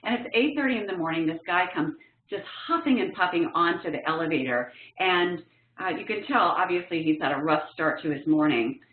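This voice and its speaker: A woman trainer giving a professional development talk, telling personal stories and acting out what people said. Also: lowish voice. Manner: lively storyteller acting out quotes. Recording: tinny phone-like sound in an echoey room.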